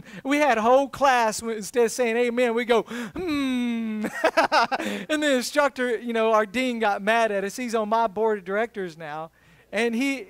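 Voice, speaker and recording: A man's voice: very high voice, dry recording. A middle-aged man, a pastor, preaching a sermon, moving from humorous storytelling to emphatic preaching.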